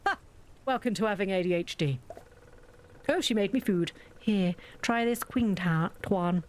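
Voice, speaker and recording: British woman, game streamer, chatty, self-mocking, mid pitch. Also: lively intonation, measured pace. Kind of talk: casual game commentary.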